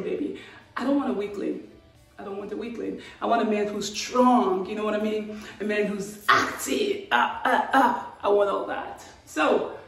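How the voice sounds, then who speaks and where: A woman talking casually to camera, playful and animated. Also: vocal fry, echoey room, far from the mic. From Africa. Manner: playful and animated, with laughs and sudden high exclamations. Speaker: vlogger.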